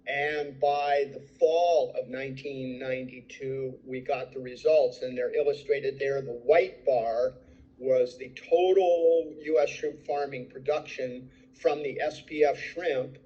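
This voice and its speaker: Dark-voiced older man telling his business story. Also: mid-range voice, steady tone, unhurried, muffled recording. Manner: enthusiastic storyteller, acts out quoted dialogue. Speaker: entrepreneur presenting his story. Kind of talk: recorded slide presentation.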